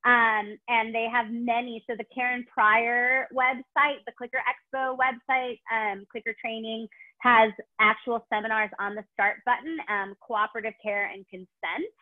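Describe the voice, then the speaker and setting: This is a woman with a Chicago accent, a dog trainer answering questions in a webinar. Her voice sits a bit high and comes through a thin, phone-like call line. She gushes and rambles, filling pauses with ums. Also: flat delivery. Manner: gushing, rambling, many ums. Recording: tinny phone-like call audio.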